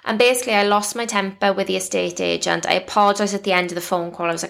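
A woman's voice: mid-range voice, fairly even intonation, quick pace, vocal fry, a bit bright. A woman in her thirties with a British accent, hosting a podcast in a chatty, confiding way with lots of "like" fillers. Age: 30s. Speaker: podcast host. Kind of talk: casual solo podcast chat.

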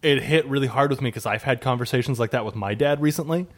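A man's voice: medium pitch, fast. A man chatting casually about comics, passionate and profane, acting out his exasperated reactions.

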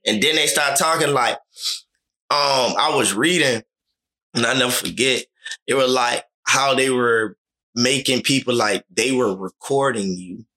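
A man chats casually on a podcast, telling rambling stories packed with fillers like "like" and frequent restarts. His medium-pitched voice sounds pushed and bright, and his pace is measured.

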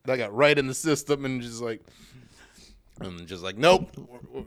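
A man appearing as a comedian guest on a podcast, telling rambling stories in a halting way. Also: mid-range voice, expressive, a bit bright, clear, resonant tone. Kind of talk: casual chat.

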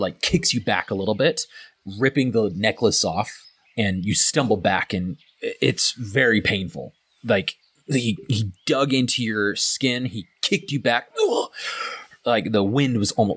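A man's voice: lowish voice, unhurried, a bit bright, slightly rough, dry recording. A man narrating as game master in a tabletop game, loose and casual with many fillers.

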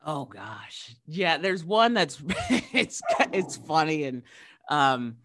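A woman from California, a podcast guest, telling a story casually and acting out excited quotes. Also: deep voice, slow pace, background noise. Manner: lively, jumps into excited character voices; casual, uses mild swearing. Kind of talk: animated storytelling in conversation.

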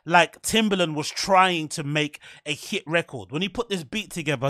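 Frantic rambling man, high voice. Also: fairly bright tone, no room sound, studio quality. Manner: rambling, frantic, talks without pausing for breath. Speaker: podcast host. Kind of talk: solo podcast monologue.

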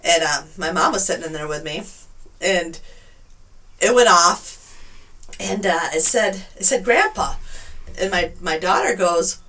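A woman's voice: lowish voice, animated, a little slow, long pauses, pushed and bright, distant mic. Woman sounding a little off-mic. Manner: supportive listener with short agreeing replies. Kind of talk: casual chat.

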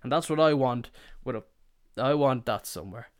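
A man's voice: medium pitch, normal speed, clear, resonant tone. A young man hosting a podcast, telling rambling, sweary comedic stories and slipping into put-on voices. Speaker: podcast host. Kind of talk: casual comedic storytelling.

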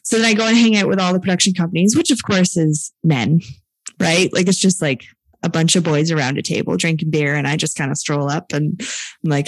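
A young woman talks through a story in a loose, chatty way, dropping "like" constantly and laughing often. Her voice sits a little low for a woman. The sound is close and dry, with no room in it. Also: a little fast, no echo, poor audio. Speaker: filmmaker and producer. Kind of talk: casual storytelling chat.

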